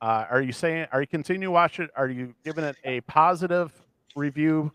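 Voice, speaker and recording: A man from the American Midwest co-hosting a casual podcast chat, talking in animated, ranting bursts with a self-deprecating streak. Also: fairly high pitch, a little fast, clean tone, no room sound. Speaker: podcast co-host.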